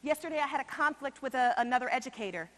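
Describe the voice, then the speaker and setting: Speaking at a conference, a woman from New York with a high voice delivers a motivational keynote in a big hall that gives her a long, ringing reverb. Her expressive delivery shifts from loud, punchy stresses to quiet, slow asides.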